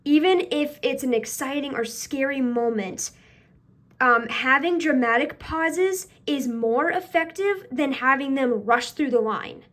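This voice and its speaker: A woman with a fairly high voice reacts to her own old work in casual commentary. She chats, laughs at herself, and hands out friendly tips. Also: lively intonation, unhurried, a bit bright. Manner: chatty, laughing, self-deprecating tips.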